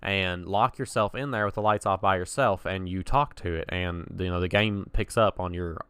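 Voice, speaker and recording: A young man with a lowish, smooth and resonant voice chats casually on a podcast. He tells stories with easy energy and chuckles at his own jokes. The sound is dry and close, with no room around it. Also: moderate pace, fairly bright tone, no echo. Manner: chatty storyteller, laughs at own stories. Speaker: podcast co-host.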